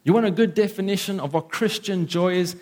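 Male pastor, slightly high voice, emphatic sermon delivery, acts out listeners' voices. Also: fairly quick, a little mellow.

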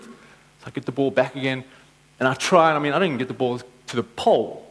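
A man preaching a sermon, telling stories and acting out quotes with lively energy. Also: mid-range voice, fast, rough recording. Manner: storytelling, animated with acted-out quotes. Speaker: pastor.

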